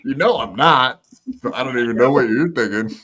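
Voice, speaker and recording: A man's voice: mid-range voice, brisk, a bit bright. A man co-hosting a podcast, talking in loose, joking banter with lots of restarts. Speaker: podcast co-host. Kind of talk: casual banter.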